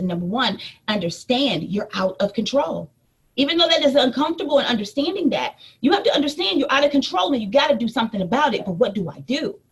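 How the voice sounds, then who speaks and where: A woman in her thirties, a life coach, telling a personal story in a lively motivational talk to her audience. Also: on the high side, husky. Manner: animated storytelling, addresses listeners as y'all.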